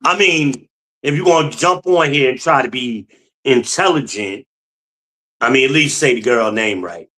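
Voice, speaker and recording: A man's voice: medium pitch, expressive, moderate pace, sharp tone. A man from New Jersey hosting a podcast alone, giving blunt, profane opinion commentary in a mocking tone. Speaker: podcast host.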